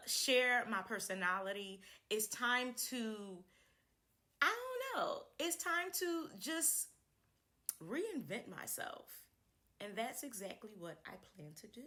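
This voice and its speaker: A young woman chatting casually to camera to introduce her channel, animated and laughing often as she repeats herself. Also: medium pitch.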